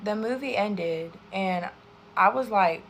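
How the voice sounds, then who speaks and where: A young woman in her twenties telling a storytime while getting ready, animated and swearing constantly. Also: mid-range voice, takes it slowly, slight background noise. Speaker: TikTok storyteller. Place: bedroom.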